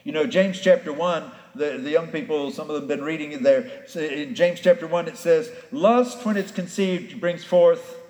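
Brief: male pastor, folksy storyteller, high voice, roomy hall sound. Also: normal speed, hardly any pauses, darkish tone. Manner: folksy storytelling preacher, acts out the characters. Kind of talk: sermon. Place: church sanctuary. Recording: echoey hall.

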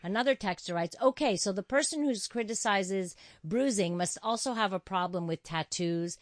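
A woman's voice: medium pitch, moderate pace, no room sound, studio quality. A woman hosting a talk show, reading out listener texts and walking through research findings, with frequent fillers and restarts. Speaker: host. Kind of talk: radio talk show discussion.

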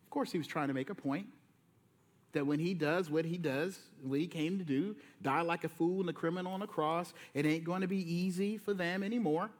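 A man preaching a sermon from a church, telling the story with lively voices and casual slang. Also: on the high side, brisk. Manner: lively storytelling, acting out Jesus and disciples in slang. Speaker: pastor. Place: church sanctuary.

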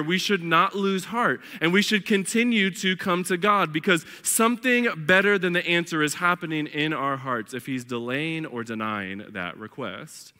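Man, pastor, preaching, high pitch, emphatic, casual asides, echoing sanctuary. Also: bright, forceful tone. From northern United States. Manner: emphatic preaching, addresses the congregation as beloved and family; casual asides with slang and humor. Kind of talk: sermon. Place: church sanctuary. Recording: long hall reverb.

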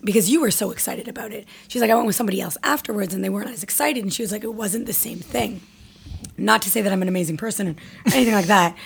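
A woman hosting a podcast, chatty and excitable, quick to brush off compliments. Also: mid-range voice, vocal fry, a little hiss or hum. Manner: excitable, chatty, self-deprecating. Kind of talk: casual podcast chat.

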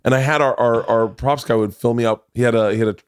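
A man hosting a podcast, telling animated, profane anecdotes and acting out what others said in casual chat. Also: medium pitch, fast talker, clear, resonant tone. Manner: animated anecdotes, acts out others' lines, swears freely. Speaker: podcast host.

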